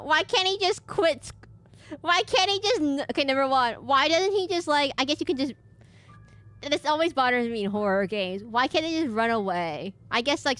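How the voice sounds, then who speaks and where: A woman's voice: high-pitched, a bit bright. A young woman streaming a game, chatting casually with a giggly, rambling manner.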